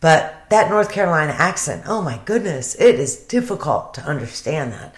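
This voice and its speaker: A low-voiced woman talking in a chatty, emotional way and swearing now and then. She sounds as if she is in an echoey room at home. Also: big pitch swings, moderate pace. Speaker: commentator. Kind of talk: casual commentary.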